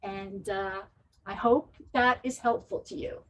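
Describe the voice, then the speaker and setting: A woman presenting as a laughter yoga instructor, calmly explaining the health benefits of laughter and leading breathing and forced laughter exercises. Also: medium pitch, measured pace. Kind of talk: guided wellness presentation.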